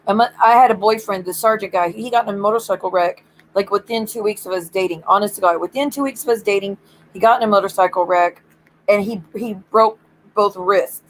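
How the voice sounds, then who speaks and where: A woman's voice: medium pitch, slight background noise, poor audio. Blunt, ranting woman. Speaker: streamer. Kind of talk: casual live-stream chat.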